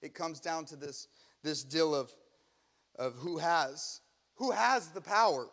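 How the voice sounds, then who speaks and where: A man's voice: a little high, takes it slowly, a bit bright. A male pastor preaching a sermon, emphatic, acting out the scenes he tells. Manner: emphatic, acts out scripture scenes. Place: church.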